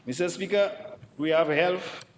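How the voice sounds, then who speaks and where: A man's voice: on the high side, unhurried. Emphatic Dominican man in parliament. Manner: emphatic, repeats "no, no, no" and addresses the Speaker. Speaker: member of parliament. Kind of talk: parliamentary budget debate speech. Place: parliament chamber. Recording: long chamber reverb with faint background noise.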